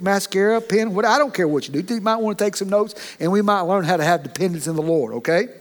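A man preaching a sermon in a chatty, animated way, often checking in with the congregation. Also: high-pitched. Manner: animated, chatty, keeps asking the congregation "okay?".

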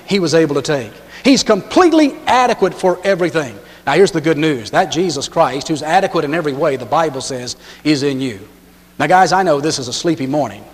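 A man preaching a sermon and telling a story along the way, now and then acting out lines with sudden loud bursts. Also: on the high side. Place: church. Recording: long hall reverb.

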